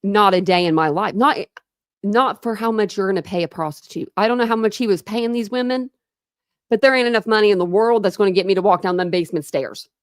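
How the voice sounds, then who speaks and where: A woman's voice: mid-range voice, a little fast, dry recording, clean studio sound. A young adult woman from the United States hosting a casual true crime live stream, chatting and answering viewer comments. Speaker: true crime channel host.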